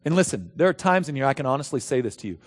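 A man's voice: mid-range voice, sing-song, racing, faint music behind. A man preaching a sermon as pastor, emphatic, asking rhetorical questions and reading scripture aloud. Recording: long hall reverb.

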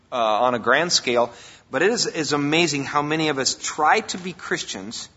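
A man's voice: a little high, sharp tone. Emphatic preaching man in a reverberant hall. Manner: emphatic preaching, rises and drops in volume. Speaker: pastor. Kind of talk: sermon. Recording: long hall reverb, dull lo-fi sound.

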